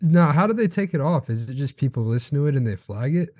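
A young man co-hosting a podcast, laid-back and sarcastic, delivering jokes deadpan. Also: on the high side, quick pace, no echo, clean studio sound. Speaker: podcast co-host. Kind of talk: crude casual banter.

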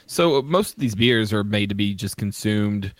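Man, low voice, hesitant casual podcast host, dry close mic. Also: animated, moderate pace, no room sound. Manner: hesitant, many ums and restarts. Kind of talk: casual chat, reading through beer styles.

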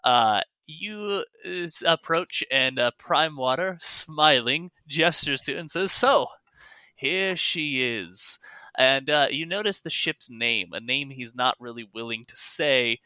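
A man narrating a tabletop game as game master, halting with many fillers. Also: medium pitch, sharp tone, clear, resonant tone, no echo.

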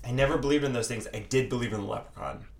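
A woman's voice: extremely low pitch, racing, background noise. A young woman co-hosting a podcast, telling stories in a casual chat, acting out quotes and laughing often. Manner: animated storyteller, acts out quotes, laughs a lot. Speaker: podcast co-host. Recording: roomy echo.

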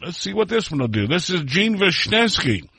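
A man's voice: sits high, very animated, moderate pace, gravelly, sharp tone, slightly rough, no echo. A man hosting a polka radio show, chatting casually and rambling through friendly greetings to listeners. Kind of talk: casual radio chat with listener shout-outs.

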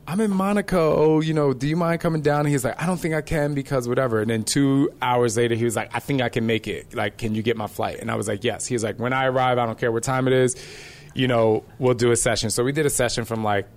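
A middle-aged man, a fitness instructor, chatting casually and energetically, telling stories and acting out quotes. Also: medium pitch. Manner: energetic, animated storyteller who acts out quotes. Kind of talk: casual chat.

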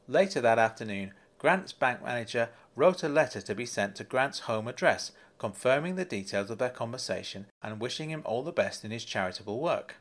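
A man narrating a story in a measured, matter-of-fact way. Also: mid-range voice. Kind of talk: storybook reading.

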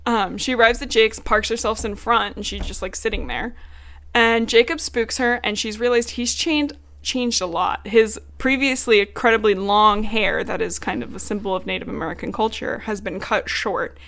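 A woman's voice: medium pitch, normal speed, creaky, fairly bright tone. A woman co-hosting a podcast, casually retelling a book's plot in a loose, chatty way with frequent swearing. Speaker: podcast co-host. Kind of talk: casual book recap chat.

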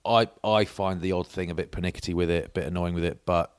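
A man co-hosting a podcast, telling a lively anecdote in casual chat and mimicking the people in it. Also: sits low, fast talker, clean tone, no echo. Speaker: podcast co-host.

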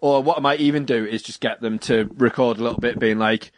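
A man's voice: medium pitch, quick pace, dry recording. British man, podcast co-host, rambling storyteller, acts out quotes, dry close sound. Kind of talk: casual chat.

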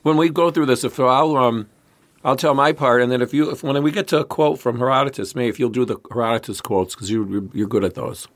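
A man's voice: medium pitch, a little fast. Rambling man telling history. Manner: rambling, full of restarts and fillers, storytelling. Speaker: podcast co-host. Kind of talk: casual history podcast chat.

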